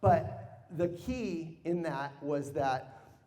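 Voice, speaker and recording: A man's voice: fairly high pitch, extremely slow. Man speaking in a reverberant hall. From United States. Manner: animated, humorous, asks audience to call out. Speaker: sales speaker. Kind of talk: storytelling keynote to a live audience. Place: large hall with audience.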